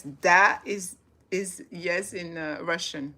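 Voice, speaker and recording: Taking her time, a woman in her forties runs a relaxed home live stream in a lowish, pushed, bright voice. She keeps things upbeat and motivational, reading aloud and chatting with frequent laughter.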